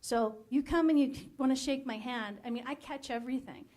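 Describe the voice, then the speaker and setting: A woman's voice: high-pitched, fairly quick, a little mellow. A woman casting director giving blunt, emphatic advice to actors, often laughing. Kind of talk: candid advice talk.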